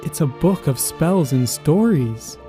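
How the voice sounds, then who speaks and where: A man voicing an excited young male bunny in a read-aloud children's story. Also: on the high side, takes it slowly, music in the background. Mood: eager.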